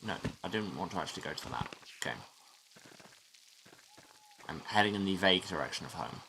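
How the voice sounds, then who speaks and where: Wry guy muttering through a lets play at home, lowish voice, bright tone. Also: lively intonation, fairly quick, creaky, slight background noise, poor audio. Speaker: let's play host. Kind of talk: game commentary.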